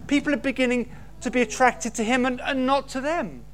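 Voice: high voice, brisk. Preacher giving a sermon, keeps throwing out rhetorical questions, emphatic delivery.

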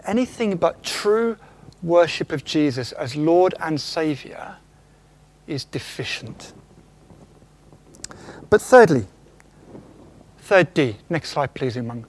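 Animated, high-voiced male preacher. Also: takes it slowly, pauses often. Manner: animated, acts out quotes, asks the congregation questions. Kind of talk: sermon. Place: church.

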